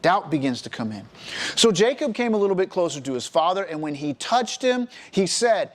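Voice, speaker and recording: A man preaching a sermon to a college ministry, retelling a scripture story in an animated, storytelling way. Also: on the high side, a little fast. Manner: animated storytelling, acting out the characters.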